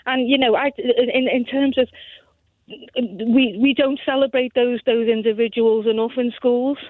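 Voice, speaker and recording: High-voiced Scouse woman on the phone. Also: steady tone, no room sound. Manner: earnest, halting, searching for words. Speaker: radio phone-in caller. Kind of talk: casual phone-in chat. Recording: tinny phone line.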